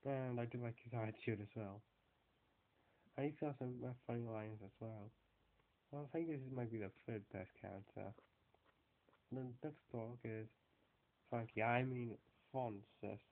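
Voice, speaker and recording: A man giving a casual spoken review of film characters, rambling and hesitant with many fillers and restarts. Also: medium pitch. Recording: tinny phone-like sound.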